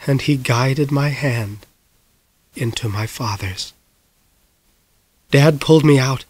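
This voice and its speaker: A man narrating a novel as an audiobook in measured, grave storytelling, dropping soft at the darkest moments. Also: medium pitch, no echo.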